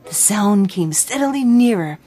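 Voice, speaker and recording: A woman reading a storybook aloud with dramatic, expressive narration. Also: medium pitch, moderate pace, soft background music. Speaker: storybook reader.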